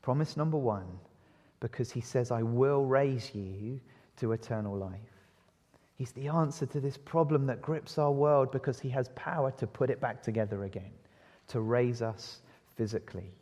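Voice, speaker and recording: A man preaching an evening sermon, asking the congregation rhetorical questions and shifting pace and loudness for emphasis. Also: medium pitch, moderate pace. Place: church. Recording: long reverb of a church hall.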